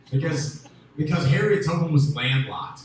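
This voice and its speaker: A man from Memphis doing a stand-up comedy set, rambling and restarting, with loud bursts on his punchlines. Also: on the high side. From Memphis, USA. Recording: echoey room with faint ambient noise.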